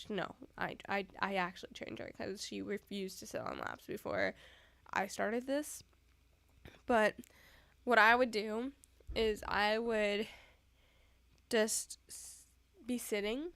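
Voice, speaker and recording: A young woman streamer chats casually with her viewers from indoors at home, her medium-pitched voice gravelly and a bit bright in a dry recording. She sounds sleepy, yawning and giggling often.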